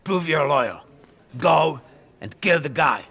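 A man's voice: fairly high pitch, expressive, slow, gravelly, sharp tone, husky, heavily acted. A man playing a volatile, paranoid male mob boss in a video game, swinging from laughter to menace. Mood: menacing.

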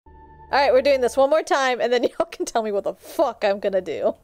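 High, lively scared woman streamer. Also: a little fast, faint music behind. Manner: scared, swearing, talking to chat. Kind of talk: live gameplay commentary.

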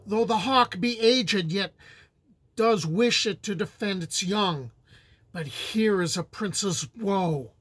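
An aged prince mourns his sons' folly in a solemn storybook reading, as a man reads him aloud. The voice sits high and moves slowly, heavy with archaic grief. It sounds close and dry, with no room around it. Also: a bit bright, breathy edge, dry recording, exaggerated voice. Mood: grave lament. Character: aged grieving prince, stern and sorrowful.

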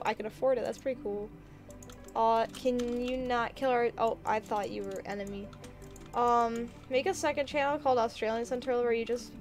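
A woman streaming a game, chatting casually in a bubbly, giggly way while reading chat aloud. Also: on the high side.

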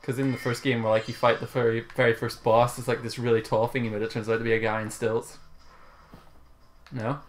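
A man's voice: medium pitch, level tone, brisk, a little hiss or hum. A young man playing a video game and chatting casually, with playful exclamations. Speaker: gamer playing on a let's play. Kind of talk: casual gameplay chat.

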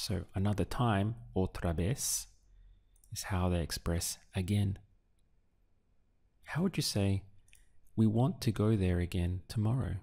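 A man in a recorded lesson, patient and deliberate, pausing for the learner to answer. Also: low-pitched, gravelly, a little mellow. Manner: slow, patient drills with pauses for the learner. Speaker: language teacher.

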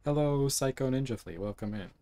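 A man streaming a game live, chatting softly and reacting to what he sees on screen. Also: medium pitch, lively intonation, fairly quick. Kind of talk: live game playthrough commentary.

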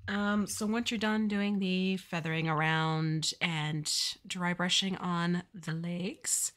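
Painting teacher, woman, bright forward tone, friendly chat. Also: lowish voice, steady tone, slow. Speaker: miniature painting instructor. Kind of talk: casual chat and painting instruction.

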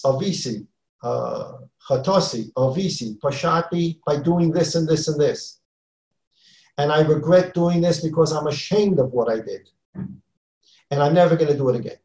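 A man's voice: on the high side, measured pace, pauses often, darkish tone, reverberant, poor audio. A man teaching a Torah class as a rabbi, earnest and repeating key phrases for emphasis, weaving in Hebrew and Yiddish terms. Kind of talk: Torah lecture.

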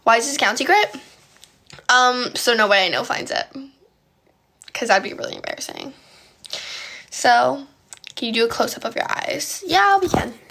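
A woman's voice: fairly high pitch, animated, normal speed, creaky, long pauses, pushed and bright. A young woman from Poland chatting on a phone live stream, answering viewer comments in a valley-girl way of talking and often stuttering. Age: young adult.

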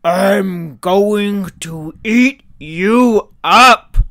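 A man voicing a bad, goat-eating troll in a storybook reading, growling and shouting his threats. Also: sits high, very slow, gravelly, voice pushed up, heavily acted. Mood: menacing. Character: bad goat-eating male troll, big-eyed, menacing.

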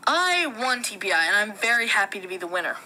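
A woman voicing a bashful male toy creature who has won a contest, talking haltingly and repeating himself. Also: medium pitch, big pitch swings, bright, forceful tone, pitched below the performer's own voice, exaggerated voice, low-quality recording.

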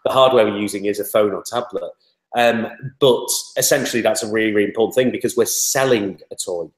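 Startup guest, low voice, chatty and rambling, echoey room. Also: male voice, a little fast. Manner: chatty, rambling, many fillers. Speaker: interview guest, toy startup spokesman. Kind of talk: casual interview talk.

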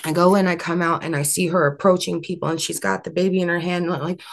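Gravelly woman telling an earnest story. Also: on the low side, fairly even intonation, fast. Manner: rambling, earnest, many fillers and restarts. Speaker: interview guest. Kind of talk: candid storytelling interview.

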